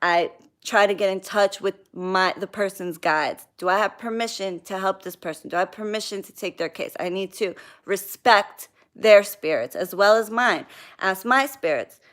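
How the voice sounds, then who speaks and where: A woman's voice: medium pitch, normal speed, fairly bright tone. A young woman hosting a casual livestream, venting bluntly about clients, swearing freely and greeting viewers by name. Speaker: spiritual practitioner hosting a livestream.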